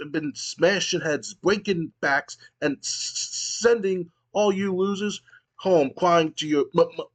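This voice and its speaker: A man voicing a brash male wrestler who trash-talks with a heavy stutter, raised high and loud.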